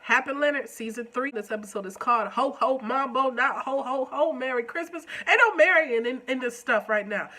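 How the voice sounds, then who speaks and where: Stuffy-nosed woman with a bright voice. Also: high voice, a little fast, few pauses. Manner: animated and playful, with slangy asides. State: stuffed up with a cold. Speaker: TV episode reviewer. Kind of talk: casual recap vlog.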